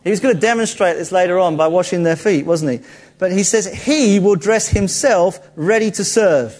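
A man preaching a sermon in a lively, conversational way, joking with his listeners. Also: high voice, moderate pace. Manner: lively, jokey, conversational, acts out quotes.

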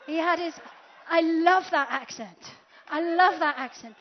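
A woman preaching a sermon, swinging from loud declarations to hushed whispers. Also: extremely high pitch, measured pace, a faint crowd. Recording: dull lo-fi sound.

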